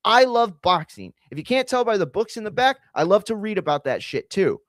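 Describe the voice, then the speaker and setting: Man, ranting profane stream commentary, lively swinging pitch, dry close sound. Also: a little fast, dry recording. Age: adult. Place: home room with bookshelves.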